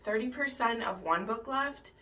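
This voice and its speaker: Speaking at a moderate pace in a slightly high, animated voice, a woman vlogger rambles casually about books, leaning on "like" and "um" and voicing the characters' lines. Background noise is audible, and she's recording in her bathroom with the camera hooked onto the shower curtain.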